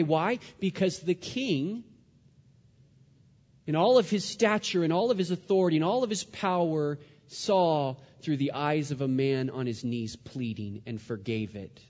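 A man preaching a sermon, dramatic, dropping to a hush and then rising loud. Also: fairly high pitch, long reverb tail, highs cut off. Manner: dramatic, swings from hushed to loud.

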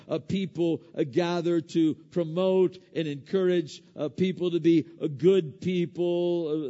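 Casual-talking pastor in an echoey hall. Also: male voice, fairly high pitch, mellow. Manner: conversational, lots of fillers and restarts, jokey asides. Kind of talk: sermon. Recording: echoey hall, dull lo-fi sound.

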